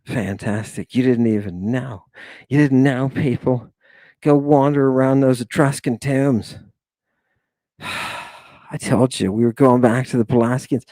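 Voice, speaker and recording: A man's voice: mid-range voice, unhurried, pauses often, warm tone, no room sound. Theatrical man lecturing, sighing and exclaiming. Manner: theatrical, sighing, exclamatory, addresses viewers as "people". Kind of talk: livestream lecture.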